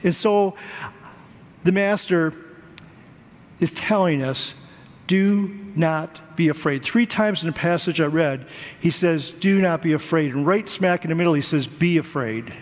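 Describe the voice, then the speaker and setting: A man's voice: fairly high pitch, measured pace, long pauses, big-room sound. A man preaching a sermon, earnest, repeating words for emphasis. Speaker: pastor.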